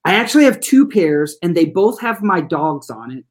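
An animated school staffer tells classroom stories in an interview. The delivery is folksy and chatty, with listeners addressed as "y'all". The pitch sits in a middle range. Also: normal speed. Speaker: school trauma-informed support staff. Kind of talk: storytelling in an interview.

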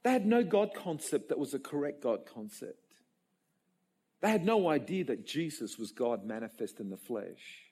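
Male preacher, emotional storyteller, lively pitch, breathy tone. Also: moderate pace. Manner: emotional, animated storytelling with repeated stammered restarts. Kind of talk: sermon.

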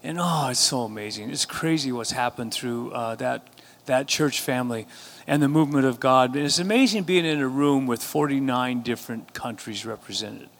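A man's voice: mid-range voice, normal speed, slight background noise. A man pastoring his church, preaching a sermon and rising to emphatic call-and-response exhortations. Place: church sanctuary.

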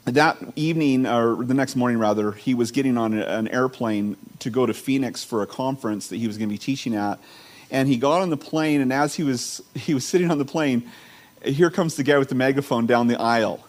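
A man's voice: medium pitch, fairly quick, a little mellow. A man, a teaching pastor, reading scripture, praying and telling a story in a conversational sermon, often repeating words and restarting. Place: church sanctuary.

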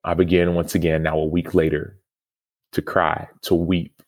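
A man in his thirties speaks with a notably low pitch. He is a podcast guest and former football player, earnest and reflective as he tells a personal story. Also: little pitch movement, normal speed. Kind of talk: storytelling interview answer.

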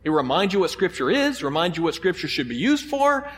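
A man's voice: sits high, sing-song, brisk, fairly bright tone, big-room sound. A man preaching a sermon as pastor, conversational, asking the congregation rhetorical questions.

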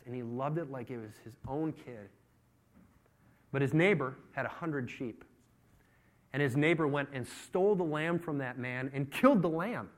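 A man preaching a sermon, retelling a story with acted-out voices and sudden loud outbursts. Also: medium pitch. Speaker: pastor.

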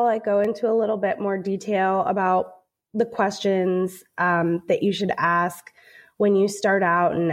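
A woman who is a project manager, answering as a guest in a casual podcast interview with an upbeat manner. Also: mid-range voice.

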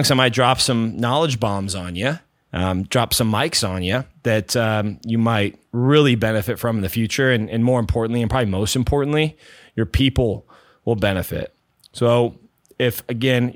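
Joking podcast host with a country twang. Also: male voice, medium pitch, a bit bright, no room sound, clean studio sound. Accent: slight country twang. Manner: joking, self-mocking, rambling. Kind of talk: casual podcast monologue.

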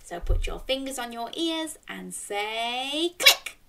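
Lively woman reading a children's story. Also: on the high side, slow pace, creaky, noisy background. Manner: animated, coaxing listeners to join in with animal sounds. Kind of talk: reading a picture book aloud to young children.

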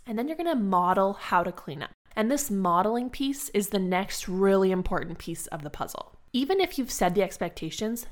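Calm encouraging woman educator. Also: mid-range voice. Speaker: early childhood educator. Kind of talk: teaching talk to educators.

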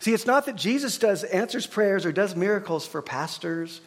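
A man's voice: high voice, moderate pace, slightly rough. A middle-aged pastor preaching in a loose, conversational way. His voice sits well above the usual male range, and he tells stories with plenty of life, putting on the voices of the people he quotes. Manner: animated storyteller, acts out quoted voices. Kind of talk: conversational sermon with storytelling.

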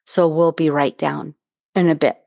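A woman's voice: low-pitched, steady tone, normal speed, creaky, a little mellow, dry recording. A middle-aged woman hosting a podcast, telling a personal story in an earnest, reflective way. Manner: earnest, reflective retelling with reenacted dialogue. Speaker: podcast host.

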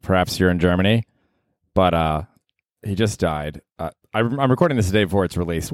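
Alone in his apartment, a man hosts his own podcast in a deep, fairly quick voice, recorded with clean studio sound and no room echo. It's a casual solo monologue where he rambles, swears freely and mocks himself.

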